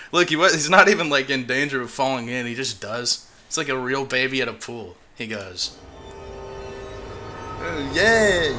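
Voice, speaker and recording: Bright-voiced male streamer, casual and swearing. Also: mid-range voice. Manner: chatty, swears, laughs often. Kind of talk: casual live-stream commentary. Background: faint music.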